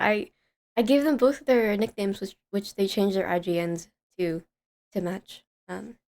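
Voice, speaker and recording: A woman's voice: fairly high pitch, darkish tone. Chatty young woman streamer, laughing often. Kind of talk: casual live-stream chat.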